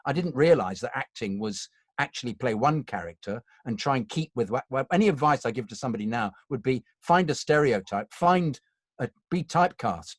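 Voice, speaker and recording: A man's voice: mid-range voice, expressive, fairly quick, no echo. Older man, actor, anecdotal chat, restarts and self-corrections, dry close sound. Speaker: actor, interview guest.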